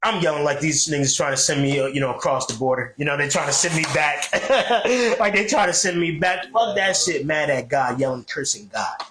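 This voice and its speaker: Animated high-voiced male podcast host. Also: a little fast, hardly any pauses, echoey room, slight background noise. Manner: animated storytelling, swinging from loud rants to low mutters. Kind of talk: casual comedic podcast chat.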